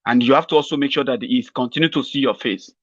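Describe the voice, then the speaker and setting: A man's voice: medium pitch, fast, a bit bright, no echo, highs cut off. A Nigerian man giving a rambling, mocking satirical political commentary to his viewers. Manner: mocking, rambling, chuckles at his own jokes.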